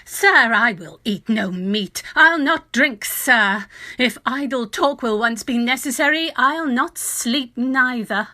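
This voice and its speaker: Woman reading a proud captive queen, high bright voice, dry close sound, fierce vowing. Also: animated, slow pace, no echo, exaggerated voice. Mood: defiant. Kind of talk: amateur Shakespeare reading. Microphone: home recording.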